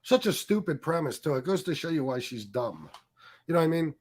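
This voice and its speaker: A streamer hosting a live stream rants angrily, swearing often, tossing in mocking asides, and using many fillers. His voice is fairly high, sing-song, and a little mellow. He talks a little fast.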